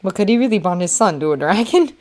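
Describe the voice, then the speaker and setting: Woman narrating a fanfic audiobook, steady expressive read, mid pitch. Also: fast. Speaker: audiobook reader.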